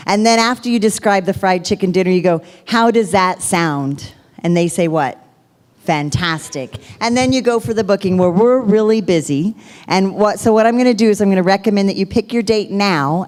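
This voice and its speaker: A woman on a video call, showing trainees the upbeat pitch she uses for booking. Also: brisk, a little mellow. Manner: upbeat, demonstrates scripts. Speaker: sales trainer. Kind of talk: role-played sales pitch.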